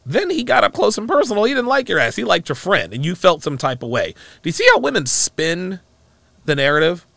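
A man's voice: high voice, wildly swooping pitch, fairly quick, vocal fry, a bit bright, dry recording. A man giving a mocking, profane, emphatic reaction commentary on a clip he plays.

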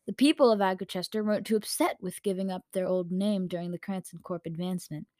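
A woman's voice: on the low side, quick pace, a little mellow, no room sound. A woman reading a story aloud in a casual way, with slips and corrections, into a home microphone. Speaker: story reader.

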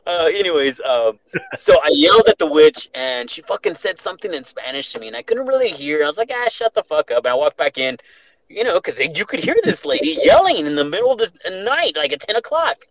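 A man's voice: a little high, fairly quick, no echo, rough recording. A young man hosting a casual podcast, telling a scary story with lots of swearing and restarts. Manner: profane, animated, restarts often.

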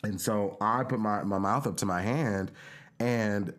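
A man with a low voice tells a long, animated story in casual podcast chat. He jumps into the voices of the people he quotes and keeps the anecdote rolling. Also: measured pace. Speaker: podcast co-host.

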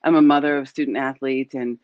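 A woman hosting an interview over a video call, telling stories in a lively way and laughing often. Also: a bass voice, brisk, lo-fi sound. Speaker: host.

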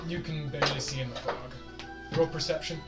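A man's voice: on the high side, fairly even intonation, brisk. A man running a tabletop role-playing game, describing the action step by step as game master. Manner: vivid, step-by-step scene narration. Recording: music playing under the voice. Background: background music.

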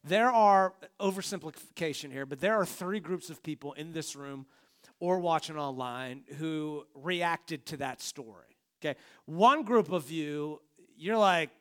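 A man's voice: a little high, expressive, measured pace, a bit bright, smooth. A man, the pastor, preaching a conversational sermon from a church stage and talking straight to his congregation.

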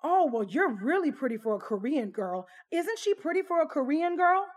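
A woman's voice: sits high, very animated, normal speed, voice pushed up. A woman voicing a tactless, gushing dinner guest in a story she tells.

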